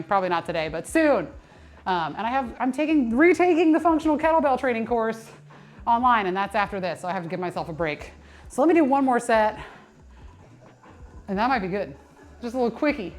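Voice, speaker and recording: A young woman chats on a livestream from the gym, rambling along with plenty of fillers and restarts. She sounds a little worn out between sets, and soft music plays faintly behind her. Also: mid-range voice. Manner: chatty, rambling, lots of fillers and self-corrections. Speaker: personal trainer and nutrition coach. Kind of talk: casual livestream chat while working out.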